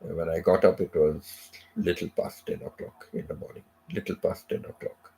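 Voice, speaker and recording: Middle-aged guy on a live stream, low gravelly voice, rambles on with lots of you-knows, a bit under the weather. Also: fairly even intonation, normal speed, dark tone, slight background noise. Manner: rambling, repeats phrases, many "you know" asides. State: unwell, recovering from sickness. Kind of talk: casual chat.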